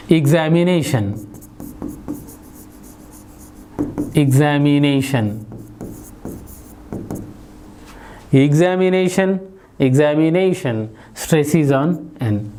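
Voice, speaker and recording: Man lecturing, mellow voice. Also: on the high side. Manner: explanatory, spells words letter by letter. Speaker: teacher. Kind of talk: lecture on English phonetics.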